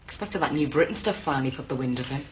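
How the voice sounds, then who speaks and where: An actress playing a brisk co-worker who teases her colleague, in a TV soap drama. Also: a bass voice, animated, a little hiss or hum. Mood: teasing. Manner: teasing, brisk. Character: teasing, brisk female co-worker.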